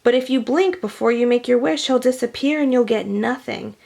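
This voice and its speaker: A woman's voice: a little high, a little fast, creaky, a little mellow. A woman voicing a clever young schoolboy explaining plans in a children's storybook. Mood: eager. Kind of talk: storybook read-aloud.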